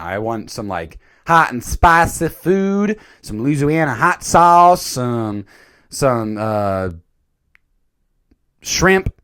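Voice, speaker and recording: A man reviewing a movie in a casual, jokey commentary. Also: mid-range voice. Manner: animated, jokey, slips into silly voices.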